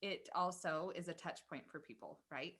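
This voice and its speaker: A woman's voice: lowish voice, normal speed, crowd noise. A woman hosting an interview, gushing with enthusiasm over a video call. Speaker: podcast host. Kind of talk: casual interview chat.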